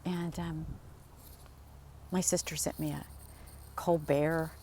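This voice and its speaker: A woman's voice: deep voice, little pitch movement, takes it slowly, warm tone, slight background noise. Rambling woman in her sixties, outdoors. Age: 60s. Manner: rambling storytelling, acting out quotes. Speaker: vlogger. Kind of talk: casual chat while walking. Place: outdoors in the desert.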